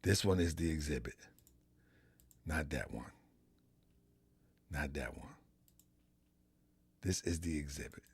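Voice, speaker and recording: A man's voice: rumbling low, slow pace, long pauses, husky, no echo. A man hosting a live stream in a casual, repetitive style, talking straight to his chat. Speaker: live-stream show host.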